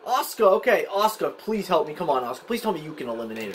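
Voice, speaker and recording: Brief: young male gamer, high voice, excitable and frustrated play-by-play, faint background hiss. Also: fast talker, hardly any pauses. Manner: frustrated, excitable, yells at the game. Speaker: gaming channel host. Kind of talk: live gameplay commentary. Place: home, at a desk in a spinning chair.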